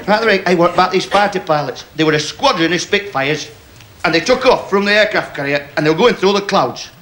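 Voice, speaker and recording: A man's voice: sits high, fairly quick, fairly bright tone, a little hiss or hum. A man from Sheffield with a Yorkshire accent, telling jokes on stage in broad dialect with put-on voices. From Sheffield, England. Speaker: stand-up comedian. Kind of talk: stand-up joke telling on a TV game show. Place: TV studio stage. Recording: studio audience laughter behind.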